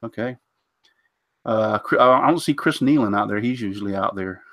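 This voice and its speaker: A man's voice: fairly low pitch, moderate pace, pushed and bright, dry recording. A man, congested from a cold, hosting a casual woodworking live stream with a rambling manner, lots of fillers and tripping over names. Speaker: host of a woodworking live show.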